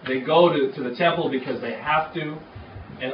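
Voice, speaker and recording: A man's voice: a little high, normal speed, a little hiss or hum. A man who pastors a church, giving a conversational sermon with frequent filler words. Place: church hall. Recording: echoey hall, far from the mic, dull.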